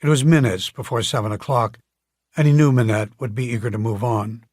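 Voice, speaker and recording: A man reads scripted audiobook narration in a calm, measured storytelling style. His voice is medium-pitched, and the recording is clean studio sound with no room noise.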